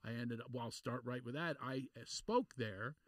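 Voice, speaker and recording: A man from Philadelphia hosting a podcast, chatting in an animated, joking way. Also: medium pitch, normal speed, no room sound. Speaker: podcast host and comedian. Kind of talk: casual interview chat.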